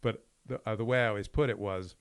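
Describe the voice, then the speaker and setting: Brief: male podcast co-host, lowish voice, dry sound, lively anecdotes with frequent laughs. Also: fast, smooth, dry recording. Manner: animated storyteller who laughs through his anecdotes. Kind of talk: casual podcast chat.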